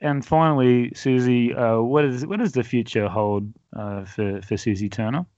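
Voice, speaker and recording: A man hosting an interview, asking questions in a relaxed, hesitant way with some teasing. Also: mid-range voice, normal speed, no echo. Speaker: podcast host. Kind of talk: casual interview. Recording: dry, slightly dull audio.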